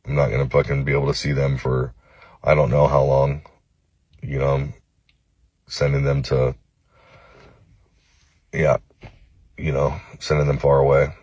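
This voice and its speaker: A man from Los Angeles recording a phone-camera apology video, halting and cursing, with many pauses and fillers. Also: extremely low pitch, little pitch movement, darkish tone, no room sound. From Los Angeles, United States. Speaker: vlogger.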